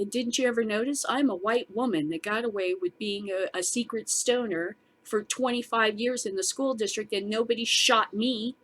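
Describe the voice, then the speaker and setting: A woman's voice: medium pitch, fairly bright tone. A middle-aged woman hosting her own show, ranting in a furious, profane casual vlog. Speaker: show host. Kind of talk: angry casual vlog rant.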